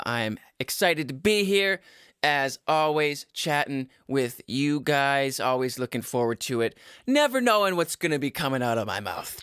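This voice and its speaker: Lively self-mocking young man hosting. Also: a little high, clear, resonant tone, no echo, clean studio sound. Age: 20s. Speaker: podcast host. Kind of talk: casual solo podcast. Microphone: close studio mic in a home room.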